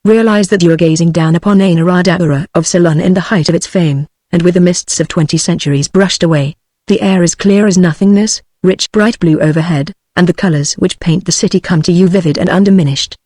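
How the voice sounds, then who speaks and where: A woman's voice: fairly low pitch, no echo. British text-to-speech woman narrating. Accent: British English. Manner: even, measured machine reading. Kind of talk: synthetic audiobook narration.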